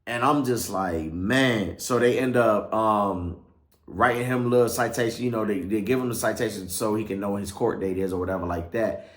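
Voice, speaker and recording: A pastor speaks in a somewhat low voice, recounting his past in a relaxed, slangy way. He tags his sentences with "right?" and "or whatever like that." His voice bounces around an echoey room. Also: moderate pace. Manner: loose, slangy, keeps asking "right?" and trailing off with "or whatever like that". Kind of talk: casual testimony storytelling.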